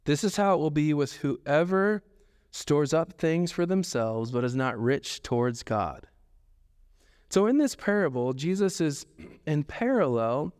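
A man in his thirties preaching a sermon as pastor, animated, jumping up in pitch when he acts out quoted voices. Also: clear, resonant tone, long reverb tail.

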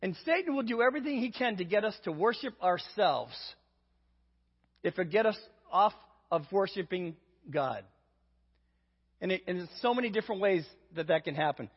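A man's voice: sits high, animated, moderate pace, breathy edge. A man giving a sermon, telling a funny personal story and acting out the voices in it. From Indiana, US. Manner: storytelling, acts out voices, self-deprecating humor. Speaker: preacher. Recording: dull lo-fi recording in a reverberant hall.

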